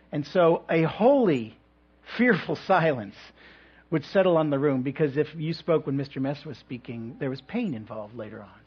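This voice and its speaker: A male pastor delivering a sermon in a measured way, with reflective pauses and touches of light humor. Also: on the high side, slightly rough. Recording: dull lo-fi recording.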